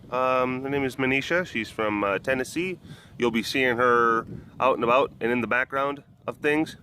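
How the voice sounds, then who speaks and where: A mid-pitched man from Wisconsin chats casually into a handheld phone while walking an outdoor animal compound. He rambles and repeats himself, with a little faint noise around him. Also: moderate pace, sharp tone. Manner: rambling, repeats himself, coos baby talk at the cats. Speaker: vlog host at a big cat sanctuary. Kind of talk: casual webcast chat.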